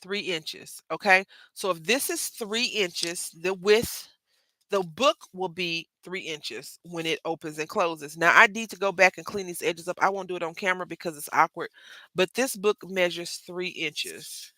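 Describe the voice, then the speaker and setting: A woman's voice: fairly low pitch, a little slow, sharp tone, dry recording. A woman with a Southern Texas accent hosting a casual live craft tutorial, chatty and rambling, often addressing viewers as y'all. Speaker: craft livestream host.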